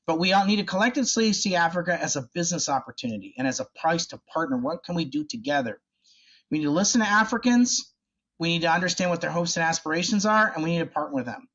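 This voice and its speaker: A man's voice: fairly high pitch, quick pace, a bit bright. Emphatic man on dull lo-fi audio. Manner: emphatic, conversational, acts out quoted voices. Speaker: think-tank guest. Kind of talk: animated policy interview.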